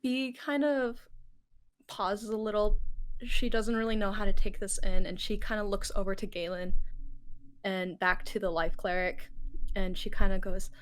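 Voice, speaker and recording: A woman player in a tabletop game, describing her character's actions in a halting way with frequent fillers. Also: mid-range voice, steady tone, a little hiss or hum. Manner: slow, halting, laughs often.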